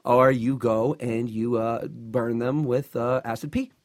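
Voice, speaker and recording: A man's voice: mid-range voice, steady tone, unhurried, dry recording, studio quality. A young man on a casual podcast who rambles through goofy stories and keeps asking "all right?". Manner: rambling storyteller, says "all right?" a lot. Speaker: podcast co-host. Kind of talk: casual chat.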